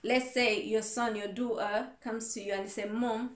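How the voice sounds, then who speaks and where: A woman's voice: on the high side, fairly even intonation, normal speed. A woman reverend answering viewer questions in a casual advice talk, earnest and repeating her points for emphasis. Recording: echoey room.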